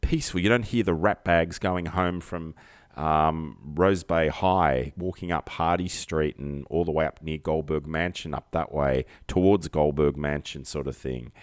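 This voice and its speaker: Man, low voice, rambling livestream comedy host, dry room. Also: a little slow, no echo. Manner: rambling, self-mocking, jokey asides. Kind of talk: rambling comic monologue.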